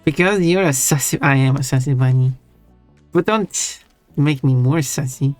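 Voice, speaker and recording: A man's voice: mid-range voice, normal speed, dry recording. A man chatting casually on a stream while reading chat, rambling and often restarting his words. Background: soft chill music.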